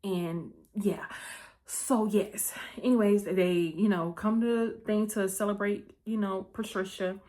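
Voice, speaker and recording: Woman, vlog host, casual movie recap, chatty asides, mid-pitched voice. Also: fairly even intonation, dark tone. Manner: chatty storyteller, keeps checking in with "okay?"; breezy and playful, with asides and quick self-corrections.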